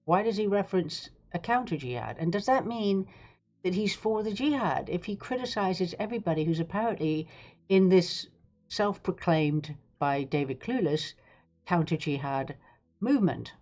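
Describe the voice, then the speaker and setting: A woman's voice: lowish voice, expressive, normal speed, darkish tone, highs cut off. A woman hosting a live stream, talking in a rambling, sarcastic, digressive way. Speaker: livestream host. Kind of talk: casual live-stream commentary.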